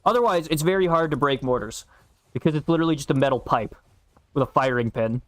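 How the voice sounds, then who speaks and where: A man's voice: a little high, expressive, fast, dry recording. A man streaming a game and chatting casually, telling stories in a blunt, profane way. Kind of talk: casual chat while gaming.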